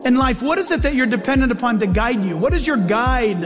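A man preaches a sermon from the pulpit, his voice sitting high for a man. He tells his stories with animated swings of pitch, and the sound rings with a long church-hall reverb. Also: fairly quick, music in the background. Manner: animated storytelling with sudden pitch jumps. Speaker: pastor.

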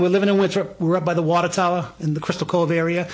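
A middle-aged man telling a personal story in a casual conversation, earnest and emphatic, getting animated when he quotes people. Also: a little high, quick pace.

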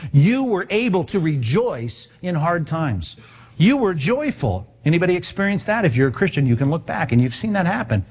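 A man preaching a sermon on a Bible passage, lively and conversational, acting out quoted voices as he goes. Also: high voice. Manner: animated, acts out quoted voices. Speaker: pastor.

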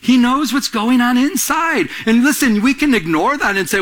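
A man preaching a sermon to a congregation, animated, swinging between soft and raised delivery and acting out little scenes with quoted voices. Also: extremely high pitch, measured pace, few pauses. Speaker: pastor.

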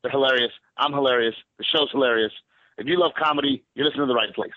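A man's voice: medium pitch, dry recording. Jokey man over a tinny phone line. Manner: fast, jokey hype. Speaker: comedian doing a radio station ID. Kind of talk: promo spot.

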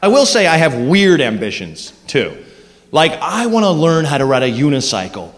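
A man doing a stand-up comedy set, animated and bursting into silly character voices. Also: fairly high pitch, normal speed. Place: comedy club stage, live audience. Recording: live club with reverb and background noise.

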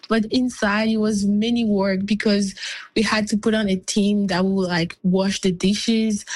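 Tired woman guest with halting phrasing. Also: medium pitch, poor audio. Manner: earnest, halting phrasing, laughs between thoughts. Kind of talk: interview answers.

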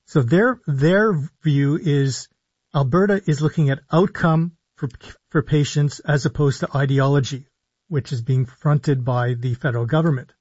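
Male radio doctor, mid-high husky voice, dry studio sound, slightly dull audio; measured, explanatory read. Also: darkish tone, no room sound. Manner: measured, explanatory, slow emphasis on key words. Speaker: radio show host, physician. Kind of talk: live call-in radio talk.

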